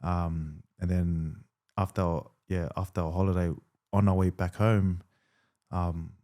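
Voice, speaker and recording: A rugby league player in his thirties tells his story in a relaxed interview, full of fillers and quoted dialogue. His voice sits low and he speaks unhurriedly.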